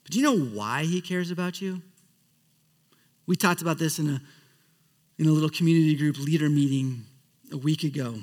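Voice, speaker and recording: A man preaching a sermon as a pastor, earnest, often dropping to a soft hush at the ends of phrases. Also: fairly high pitch, normal speed, long pauses, long reverb tail.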